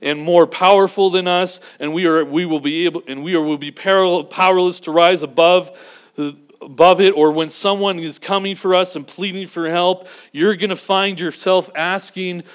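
A man preaching a sermon, earnest and building to emphatic peaks before dropping to a low, quiet delivery. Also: fairly even intonation, normal speed. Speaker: pastor.

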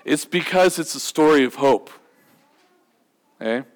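A high-voiced male pastor gives a sermon in a loose, chatty style. He jokes with the congregation and keeps asking rhetorical questions. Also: lively intonation, a little slow, low-quality recording. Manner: conversational, humorous, rhetorical questions.

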